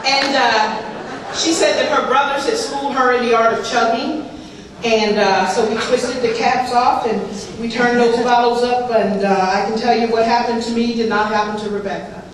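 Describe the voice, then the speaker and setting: A woman in her forties shares her recovery story with an audience in a lively, humorous way, often laughing as she talks. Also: on the high side, moderate pace. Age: 40s. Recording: echoey room, distant mic, background noise.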